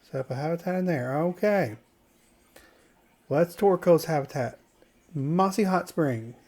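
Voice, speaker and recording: A woman's voice: low voice, expressive, measured pace, warm tone. A woman hosting a casual let's play, chatting playfully and reading game dialogue aloud. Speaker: gaming channel host.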